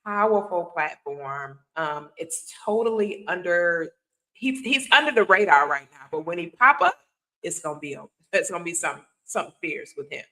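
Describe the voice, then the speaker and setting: A woman hosting a casual talk show, telling stories with lively acted-out quotes. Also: fairly low pitch, normal speed, poor audio. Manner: animated storyteller, acts out quotes. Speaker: host.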